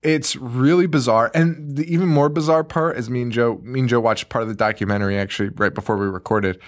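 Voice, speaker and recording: A man's voice: medium pitch, fairly even intonation, fast talker. A young man co-hosting a casual horror film podcast, rambling and swearing, often laughing. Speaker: podcast co-host. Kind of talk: casual chat about horror films.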